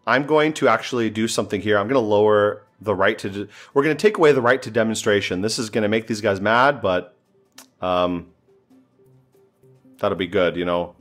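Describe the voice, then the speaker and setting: A man's voice: lowish voice, normal speed, soft background music. A man giving casual, joking commentary while playing a strategy game, thinking aloud and sounding exasperated. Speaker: gameplay streamer.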